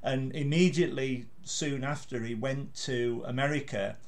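A man's voice: mid-range voice, moderate pace, gravelly. A middle-aged man hosting a podcast interview, telling anecdotes and laughing easily. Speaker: podcast host. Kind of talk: casual interview chat.

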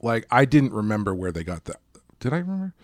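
A man's voice: fairly low pitch, big pitch swings, quick pace, darkish tone, no echo, studio quality. A man co-hosting a podcast and discussing a movie casually, with lots of hesitations and restarts. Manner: hesitant, restarts often, laughs easily. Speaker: podcast co-host.

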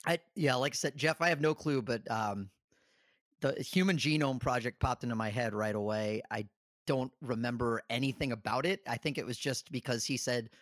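A man's voice: medium pitch, moderate pace, fairly bright tone, dry recording, clean studio sound. A man playing along on a trivia podcast, thinking aloud in a chatty, self-deprecating way. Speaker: trivia contestant.

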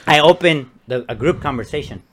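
A man's voice: on the high side, fairly quick, very noisy. A man co-hosting a podcast, telling a story in casual chat and acting out both sides of a conversation. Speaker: podcast co-host.

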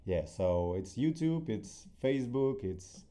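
A man's voice: mid-range voice, animated, slow pace, mellow. A man from Ukraine with a Ukrainian accent, a podcast guest telling stories earnestly in English, with small hesitations. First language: Russian. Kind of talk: casual interview chat.

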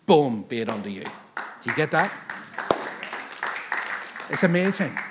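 A man preaching a sermon in a chatty style, acting out the people in the scripture stories and rising to loud, emphatic peaks. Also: mid-range voice, noisy background. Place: church service.

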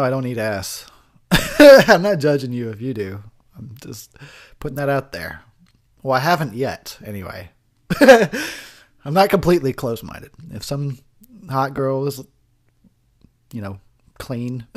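A tipsy man hosting a drunken movie commentary, rambling and crude. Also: mid-range voice. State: tipsy, buzzed. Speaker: host.

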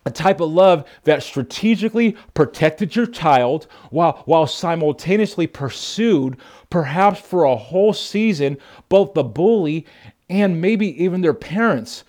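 Earnest male pastor, rather high voice. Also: animated, measured pace, a little mellow. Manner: earnest, emphatic, calls listeners "folks". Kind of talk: sermon.

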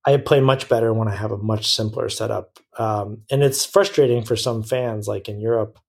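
A man's voice: fairly low pitch, steady tone, normal speed, creaky, a little mellow. A man as a podcast guest, talking frankly in a rambling way, often restarting and correcting himself. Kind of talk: casual interview chat.

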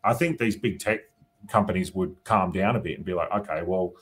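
A man's voice: low-pitched, fairly quick, husky. An Australian man, a politician, answering interview questions in a casual way, thinking aloud and adding "you know" and "right?" as he goes. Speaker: politician guest.

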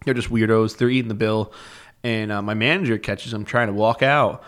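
Young man telling stories, low-pitched. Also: a little fast. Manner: animated, profane, full of filler words. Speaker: podcast guest. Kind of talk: casual storytelling.

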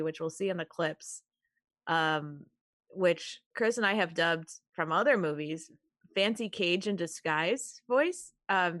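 A woman hosting a casual movie podcast, chatty and quick to laugh, with many fillers. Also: on the low side, a bit bright, dry recording. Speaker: podcast host.

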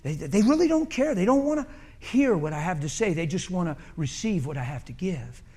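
A man playing a dejected Jesus who talks in a low, weary, offhand mumble. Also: lively intonation, a little fast, darkish tone. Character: downcast adult male Jesus, weary and bummed out.

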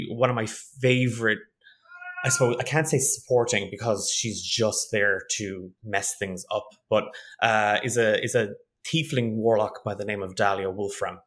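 A man's voice: on the low side, fairly bright tone. A man, a game master, chatting casually on a podcast and often restarting his sentences. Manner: restarts and repeats words, laughs easily.

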